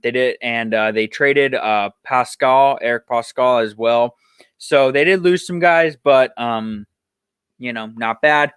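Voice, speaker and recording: A man's voice: medium pitch, a bit bright, clear, resonant tone, no echo. A young man hosting a solo sports podcast, ranting heatedly with profanity, then running through roster moves.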